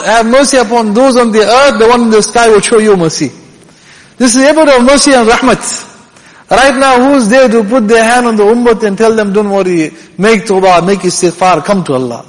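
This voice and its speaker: A man with a notably high voice delivers an earnest sermon, repeating key phrases for emphasis. He weaves Arabic recitation into his English. The sound carries a long reverb, as in a large hall. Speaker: preacher. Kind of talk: Islamic sermon.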